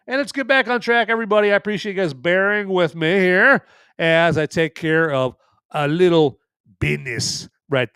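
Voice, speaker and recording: A man's voice: mid-range voice, fairly bright tone, clear, resonant tone, no echo. Male podcast host, casual and joking, dry close-miked sound. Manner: rambling and jokey, tacks on "right there". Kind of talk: casual live podcast chat.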